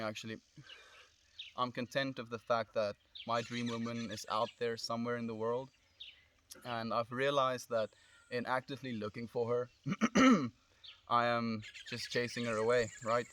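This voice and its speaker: In a mid-range voice, slightly slow and pausing often, a young South African man with a South African accent talks on a live stream from his phone outdoors, under a sunny tree. He replies to comments in a friendly, reflective, relaxed manner, calling viewers "friend," over slight background noise.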